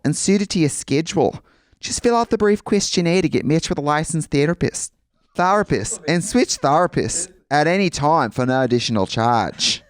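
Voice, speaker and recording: A man's voice: a little high, no echo, natural voice. A man putting on a vain young female film star, reading a sponsor ad in earnest. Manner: mock-earnest, self-flattering ad read. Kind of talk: comedic celebrity impression in a sponsor read.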